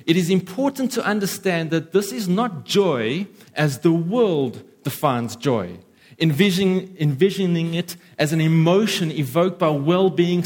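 A man's voice: a little high, darkish tone. A man preaching a sermon as pastor, emphatic and acting out the voices of worried listeners.

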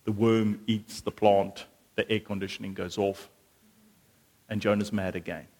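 A man preaching a sermon, animated and lively at times, then hushed and earnest. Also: on the low side, measured pace. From South Africa.

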